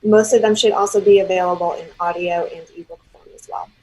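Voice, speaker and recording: A woman's voice: on the low side, steady tone, quick pace, a little mellow, low-quality recording. Woman librarian recommending books on a call. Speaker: librarian guest. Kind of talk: book recommendations in a chat.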